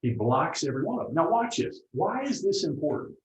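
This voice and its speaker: A man giving a motivational seminar talk to a live group, animated and often checking in with the audience. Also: on the high side, fairly quick. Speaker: motivational speaker. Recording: roomy, dull lo-fi room recording.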